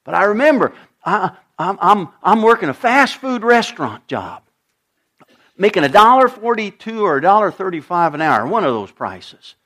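A middle-aged male pastor preaching, his voice pitched high and swinging widely up and down. He tells stories and puts on little voices for the people in them. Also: big pitch swings, moderate pace, sharp tone. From United States. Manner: storytelling, acts out dialogue with shifting voices. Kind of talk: sermon.

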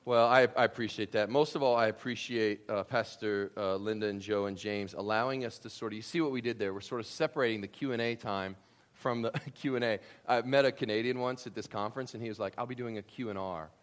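A man's voice: on the low side, a little fast. A pastor speaking casually to his church during a Q and A, joking and throwing in sarcastic asides. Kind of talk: live church Q and A and sermon. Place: church sanctuary.

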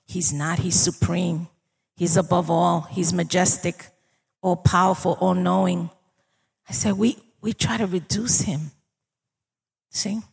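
A woman preaching a sermon, her voice husky with a gravelly edge. She talks slowly and conversationally, checking in with her listeners as she goes, and her words ring out with the long reverb of a large hall. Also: mid-range voice. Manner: conversational preaching, asks the congregation for agreement.

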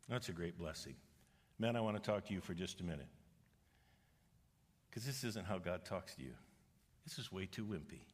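A middle-aged man preaching a sermon, animated and humorous, rising to forceful exhortation. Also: deep voice, normal speed, long pauses, husky. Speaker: pastor. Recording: long reverb of a large hall.

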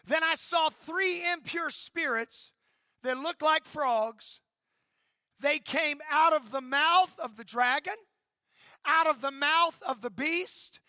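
A male pastor in his fifties preaching a fervent sermon in a church, shouting and calling out to the congregation. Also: very high voice, takes it slowly, no room sound, clean studio sound. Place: church sanctuary.

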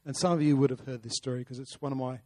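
A man's voice: medium pitch, fairly even intonation, rapid-fire, dark tone, no room sound. A man preaching a sermon, earnest, with rhetorical questions and repeated words. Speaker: pastor. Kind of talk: sermon with a told story.

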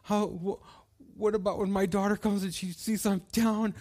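A man's voice: high-pitched, flat delivery, unhurried, darkish tone, pitched above the performer's own voice. A man voicing his frail elderly mother, fretful and crying as he retells her words.

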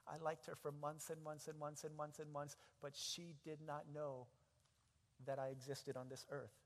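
High-voiced male pastor, animated sermon. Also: normal speed, long reverb tail. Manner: animated storytelling, big swings in pitch and loudness.

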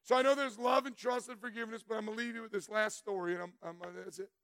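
High-voiced, folksy man preaching a testimony. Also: fairly even intonation, fast, dry recording. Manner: folksy, storytelling, bursts into shouts. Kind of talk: animated testimony sermon.

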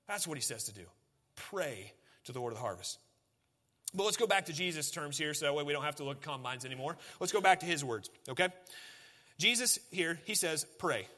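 A male pastor delivers a sermon in a fairly high, bright, forceful voice. He talks to his congregation in an easy, chatty way, then presses his points hard with emphatic, pleading intensity. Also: lively intonation, brisk. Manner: conversational, building to emphatic pleading.

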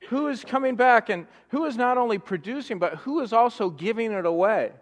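A man preaching a sermon as pastor, animated, firing off rhetorical questions and mimicking grumbling voices for laughs. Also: very high-pitched, brisk. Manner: animated, rhetorical questions, mock-complaining voices for comic effect. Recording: long hall reverb.

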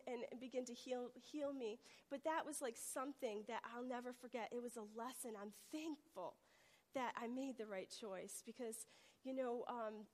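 Female preacher, high voice, earnest testimony delivery, church hall reverb. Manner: earnest storytelling, acts out quotes with rising intensity. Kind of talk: sermon testimony.

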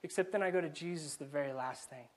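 A man giving a conversational sermon to a live congregation, animated and questioning the audience, often stumbling and repeating words. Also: fairly high pitch, quick pace. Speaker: pastor. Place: church before a live congregation.

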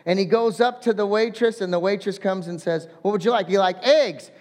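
A male pastor delivering a sermon with a notably high voice for a man. He tells stories animatedly, acting out quotes and rattling off lists. His voice rings with a long hall reverb. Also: moderate pace. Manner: storytelling with lively voiced quotes and listed words.

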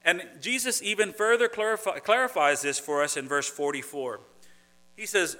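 A man's voice: fairly high pitch, animated, moderate pace, pushed and bright. A man preaching a sermon, earnest and conversational, who often restarts phrases and builds to emphatic points. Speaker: pastor.

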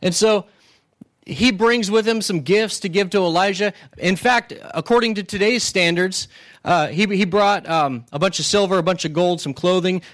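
A male pastor delivers a sermon in a loose, conversational manner, retelling a scripture story with frequent restarts. His voice sits fairly high for a man, and he often pauses to check in with his listeners. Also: a bit bright. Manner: conversational, keeps checking in with "right?"; retells stories with restarts and acted asides.

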